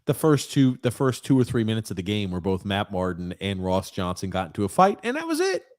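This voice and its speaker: A man's voice: fairly low pitch, wildly swooping pitch, a little fast, a little mellow, no room sound, studio quality. A man hosting a podcast, reading out listener comments and chatting casually about hockey with loose swearing. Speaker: podcast host. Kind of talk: casual sports chat.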